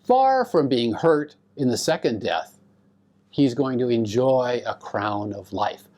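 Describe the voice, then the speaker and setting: Male Bible lecturer, slow and deliberate, with a pitch that rises and falls a lot, and he asks his listeners questions. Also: expressive, darkish tone. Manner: explains Greek grammar to students. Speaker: Bible teacher.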